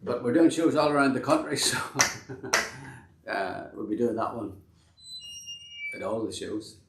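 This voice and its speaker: A man's voice: mid-range voice, animated, a little slow. A man hosting a casual online chat in a middle register. He rambles and pokes fun at himself, restarting his sentences as he goes. The room is echoey, with a faint hum of noise behind him. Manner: rambling, self-deprecating, with many restarts. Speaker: host and band member. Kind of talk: casual live-stream chat.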